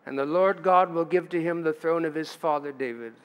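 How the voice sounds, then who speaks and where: Captured on a church livestream with long hall reverb, a male pastor preaches in a sanctuary. His voice is smooth and on the high side, and he moves briskly, keeping things chatty with asides to the congregation.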